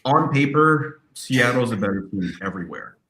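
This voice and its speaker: A man in loose sports talk, slangy and animated. He jumps into higher voices whenever he imitates people. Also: moderate pace. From California. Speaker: podcast co-host. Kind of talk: casual sports chat.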